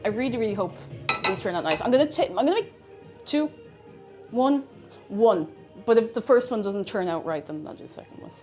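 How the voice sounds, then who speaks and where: Irish woman streaming while cooking, rambly and chatty, pitch all over the place, quiet music in the background. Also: animated, fairly quick, pauses often. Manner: rambling, chatty, self-interrupting. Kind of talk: casual chat while cooking.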